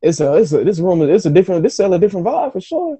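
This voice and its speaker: A man guest on a podcast, telling a story in a casual, animated way, swearing freely and acting out his own reactions. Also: sits high, fast, husky, dry recording.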